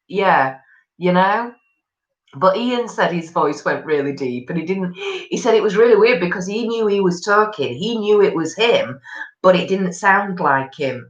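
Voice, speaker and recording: A gossipy woman in her forties chats on a live stream, reading out comments and answering them warmly. Her voice sits fairly low. The sound is dull and lo-fi, in a roomy, echoey space. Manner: chatty and gossipy, with many ums. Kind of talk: casual chat reading out viewer comments.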